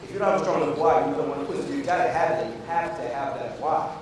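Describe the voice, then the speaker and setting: A man's voice: fairly high pitch, fast talker. Emphatic man rallying a crowd. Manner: call-and-response with the audience, repetitive and emphatic. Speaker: physician speaking to students. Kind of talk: motivational speech. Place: large hall with a PA system. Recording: echoey hall, distant from the mic, noisy.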